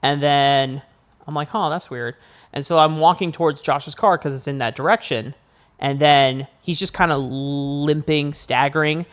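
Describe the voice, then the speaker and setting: A young man, a podcast co-host, telling a long story in casual chat, his voice jumping high when he acts out his own panic. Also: normal speed, smooth. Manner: animated storyteller, rises high acting out panic.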